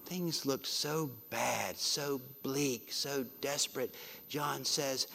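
A man preaching a sermon, swinging between loud emphatic lines and hushed, drawn-out ones. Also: mid-range voice, vocal fry, in a large hall. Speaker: pastor.

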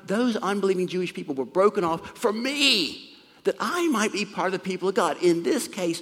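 A man delivers a sermon with lively, emphatic preaching that rises high on key lines and drops soft on reflective ones. His voice sits a little high for a man. The sound carries the long reverb of a large hall. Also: fairly quick. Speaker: pastor.

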